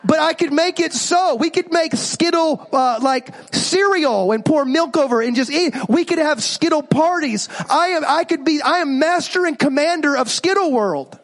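A pastor in his thirties preaching a sermon, animated and joking as he tells stories and asks the congregation questions. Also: very high-pitched, moderate pace, few pauses.

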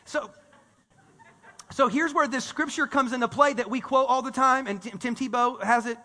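A man preaching a sermon in a church hall, in an energetic, conversational way with frequent restarts. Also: extremely high pitch, moderate pace. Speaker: pastor.

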